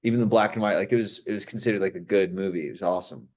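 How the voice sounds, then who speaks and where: A man's voice: low-pitched, very fast, a little mellow, lo-fi sound. A young man in casual chat, rambling with many restarts and plenty of enthusiasm. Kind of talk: casual chat about old movies.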